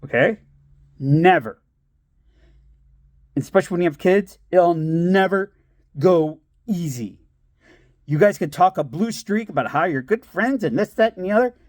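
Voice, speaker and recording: A man's voice: high-pitched, lively intonation, normal speed, no room sound, studio quality. A man vlogging in a casual storytelling monologue, giving blunt, streetwise advice and laughing often as he talks. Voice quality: laughs often while talking.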